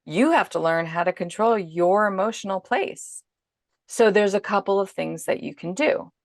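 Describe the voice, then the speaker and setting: A woman parenting coach in a podcast interview, explaining calmly and acting out her own inner self-talk as examples. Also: medium pitch, normal speed, no room sound, clean studio sound.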